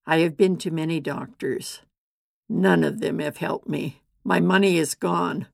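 A humble woman, long ill, confessing earnestly and pleadingly, as a narrator puts her on. Low, slow and a little gravelly, recorded dry. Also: fairly even intonation, a little mellow, dry recording, full character voice.

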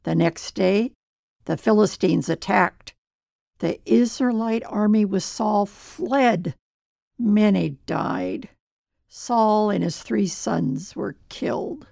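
Gravelly, slow-reading woman narrator. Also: mid-range voice, dark tone, no echo, clean studio sound. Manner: measured, solemn reading. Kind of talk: scripted story narration.

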